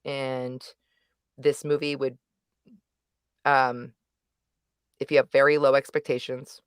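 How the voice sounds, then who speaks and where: A middle-aged woman giving a casual, animated review on a livestream, emphatic and rambling, correcting herself as she goes. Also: a bass voice, slow pace, clean tone, dry recording, clean studio sound. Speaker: guest reviewer.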